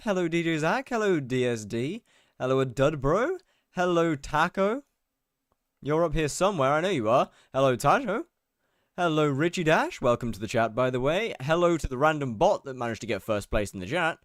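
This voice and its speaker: A man's voice: fairly high pitch, no room sound. Young man, game streamer, chatty and rambling, voice swings up and down, dry close sound. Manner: greets chat viewers one by one, rambling and chatty. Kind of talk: casual live-stream chat while gaming.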